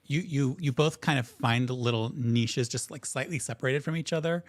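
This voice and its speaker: A man's voice: mid-range voice, moderate pace. A man narrating as game master of a tabletop role-playing game, describing scenes in a rambling, improvised way with many fillers.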